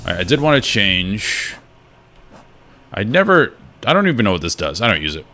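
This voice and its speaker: A man's voice: lowish voice, sing-song, normal speed, bright, forceful tone. A man giving casual gameplay commentary as a streamer, thinking aloud and muttering to himself.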